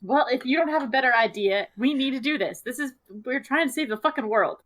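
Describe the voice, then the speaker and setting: A woman's voice: sits high, expressive, fast, a bit bright. A woman player in a tabletop game who talks casually and restarts as she describes her character. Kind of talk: tabletop roleplay banter.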